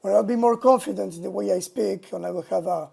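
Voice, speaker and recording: Halting, gravelly-voiced man on stream. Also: sits high, dark tone. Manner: halting, indignant. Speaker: livestreamer. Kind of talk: casual livestream monologue. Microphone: home streaming mic setup.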